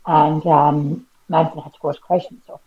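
A middle-aged Irish woman with a slightly low voice tells a painful story as a podcast guest. She keeps repeating herself and acts out each exchange, her voice climbing as she quotes people. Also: level tone, normal speed, muffled recording. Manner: repeats "I said" constantly, re-enacts dialogue with rising voice. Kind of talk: emotional personal storytelling.

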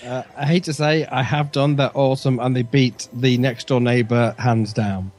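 A man's voice: medium pitch, fairly even intonation, moderate pace, darkish tone. A man co-hosting a casual podcast chat, throwing in jokey quips. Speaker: podcast co-host.

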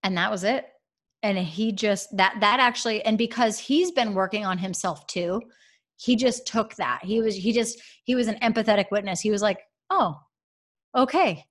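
A woman's voice: mid-range voice, normal speed. Chatty woman podcast co-host. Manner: animated storyteller, acts out quotes. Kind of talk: casual podcast chat.

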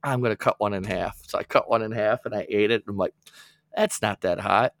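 Gravelly-voiced guy rambling thru a funny story on a podcast, laughs a lot, dry close sound. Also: fairly low pitch, a little fast, fairly bright tone, no echo. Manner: rambling, laughs often, acts out quoted friends. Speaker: podcast co-host. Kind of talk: casual storytelling chat.

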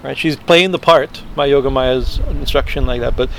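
A man giving a scripture class lecture, halting often with fillers and asking "right?" to his listeners. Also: mid-range voice, vocal fry, a little hiss or hum. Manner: halting, many fillers and tag questions. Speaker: scripture teacher.

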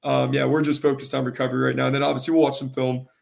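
With a level, darkish tone, a high school soccer coach answers questions in a casual interview. His gravelly voice carries well, and he speaks earnestly, stumbling and repeating words.

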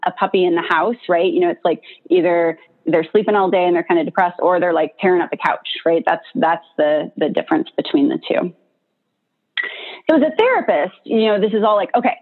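A woman therapist explaining stress responses in a casual, chatty teaching talk, often adding "like" and "right?". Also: fairly low pitch. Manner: chatty, lots of "like" and "right?" tag questions. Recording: tinny phone-like sound.

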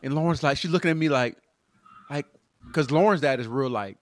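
A man's voice: fairly high pitch, brisk. A man co-hosting a podcast, chatting casually about parenting in a rambling way with many restarts. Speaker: podcast co-host. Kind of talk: casual chat.

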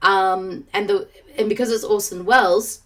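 A woman's voice: medium pitch, steady tone, fairly bright tone. A woman recovering from the flu, her voice weakened, chatting enthusiastically as a podcast guest. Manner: enthusiastic, quick asides, laughs. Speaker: podcast guest and fellow host. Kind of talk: casual film podcast chat.

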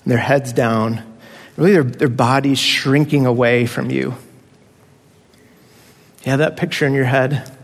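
A man's voice: medium pitch, fairly even intonation, a little slow, pauses often, big-room sound. A man preaching a conversational sermon as pastor, now and then acting out voices of children.

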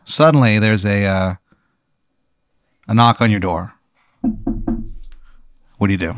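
A young man hosting a comedy podcast, telling an improvised absurd story with deadpan delivery. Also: lowish voice, slow, noisy background. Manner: deadpan, building absurd scenarios.

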